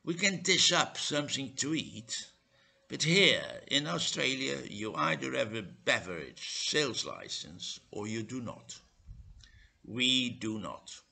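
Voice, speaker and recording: A man's voice: mid-range voice, big pitch swings, takes it slowly, creaky, bright, forceful tone, slightly rough, exaggerated voice. A man voicing a curt, impatient young waiter at a beach bar, a mocking lad. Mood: blunt, impatient.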